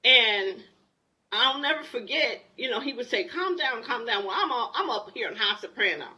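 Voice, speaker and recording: A woman in her sixties with a bright, fairly high voice tells her story on a talk show. She speaks candidly and with lively energy. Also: normal speed, rough recording. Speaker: guest. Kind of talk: personal testimony on a talk show.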